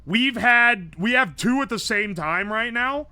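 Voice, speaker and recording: A male streamer with a very high, bright voice, chatting casually and rambling between swear words and laughs. He hums melodies as he goes, and the recording is close and dry. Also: lively intonation, a little slow, few pauses, clean tone, no room sound. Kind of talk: casual live-stream chat.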